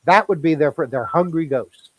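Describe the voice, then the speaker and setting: A man's voice: fairly high pitch, normal speed, low-quality recording. A man speaking as a guest in a casual chat, explaining things in a conversational way with many fillers.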